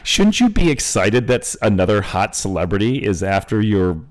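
Podcast co-host, man, very low voice, blunt, profane, playful storyteller. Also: big pitch swings, normal speed. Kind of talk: casual chat.

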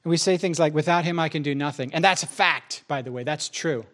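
A man's voice: a little high, brisk, fairly bright tone. Conversational man preaching. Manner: conversational, acts out both sides of a dialogue. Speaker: pastor. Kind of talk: sermon.

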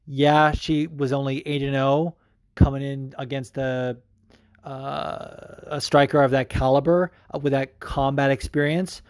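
A man hosting a podcast, talking casually in a rambling, excitable way with plenty of fillers and swearing. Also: medium pitch, a little slow, dry recording, studio quality. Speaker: podcast host. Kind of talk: casual chat.

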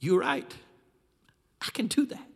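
A man preaching a sermon as a pastor, telling the story with animated, dramatic flair in a large church hall. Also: very high-pitched, slow, gravelly. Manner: animated, dramatic storytelling with vivid, sweeping delivery.

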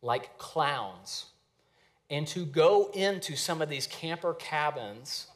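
Man, pastor, conversational sermon, storytelling, fairly high voice. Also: slow pace. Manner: conversational storytelling preacher, lively asides.

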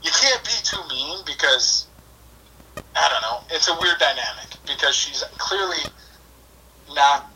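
A man's voice: fairly high pitch, lively intonation, measured pace, pauses often, sharp tone, far from the mic, a little hiss or hum, rough recording. A man telling a funny personal story in a casual, chatty way, full of "like" and "I was like".

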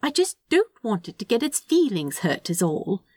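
A woman's voice: fairly high pitch, very animated, normal speed, warm tone, no room sound, voice pushed up. A woman reading aloud and voicing a fussy, doting male angel who tuts primly and stays unbothered. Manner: prim, tutting, affectionate.

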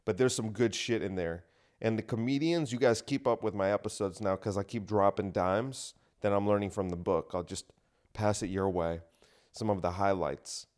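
A man delivers a casual solo podcast monologue, ranting bluntly and swearing freely. His voice sits on the low side. He records alone in a home gym room. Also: moderate pace, a little mellow. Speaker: comedian podcast host.

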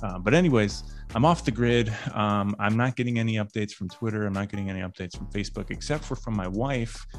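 A man's voice: fairly low pitch, a little fast, hardly any pauses, soft background music. A man co-hosting a casual podcast chat, rambling with many fillers and restarts. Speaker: podcast co-host.

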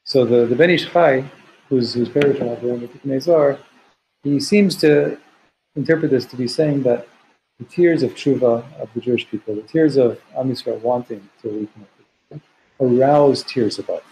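A man's voice: mid-range voice, a little mellow, a little hiss or hum, low-quality recording. Man teaching a text study class. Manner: translates Hebrew and Aramaic phrases line by line; slows down to quote verses.

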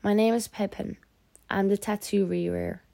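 A gentle, wry older Frenchman, calm and kindly, read by a woman. The voice has a gravelly edge and is recorded close and dry. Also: high voice, normal speed, no echo. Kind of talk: audiobook character voice.

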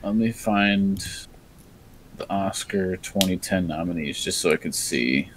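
A man's voice: low-pitched, unhurried, slight background noise, rough recording. A young man co-hosting a casual movie podcast, thinking aloud as he looks things up. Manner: lively, thinks aloud while browsing. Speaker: podcast co-host.

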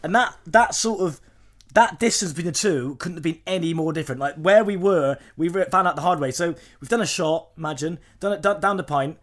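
Young bloke, fairly high voice, animated anecdote with laughs. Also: male voice, fairly quick. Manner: animated, laughing storyteller, acts out quotes. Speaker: podcast co-host. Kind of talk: casual storytelling chat.

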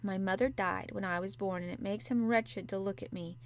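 A woman's voice: medium pitch, steady tone, normal speed, natural voice. A woman voicing a sickly, fretful young boy who talks in a half-whispered, anxious, insistent way. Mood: bitter.

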